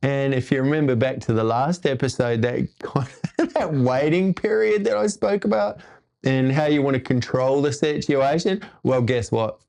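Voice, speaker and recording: Laid-back man with a gravelly voice. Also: mid-range voice, normal speed, darkish tone. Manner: rambling, laid-back, with surfer slang. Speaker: host. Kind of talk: casual personal storytelling.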